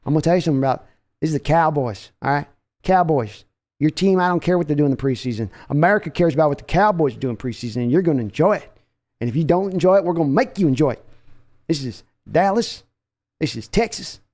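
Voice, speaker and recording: Guy doing a bossy old team owner impression, blustery and domineering, warm slightly high voice. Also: lively intonation, quick pace, close to an everyday voice.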